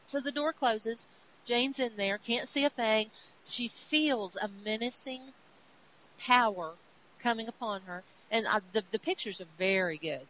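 A woman's voice: on the high side, unhurried, fairly bright tone, dull audio, a little hiss or hum. Chatty woman retelling a comic. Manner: chatty, retells the story with quoted voices, many restarts. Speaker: podcast host. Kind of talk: casual comic book recap.

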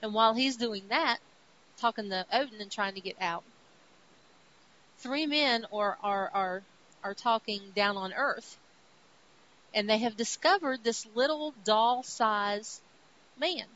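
A woman's voice: fairly high pitch, a little slow, pauses often. A woman co-hosting a podcast, casually recapping a comic book and acting out its characters' lines. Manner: animated retelling with acted-out quotes. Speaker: podcast co-host. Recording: dull lo-fi audio with faint hiss.

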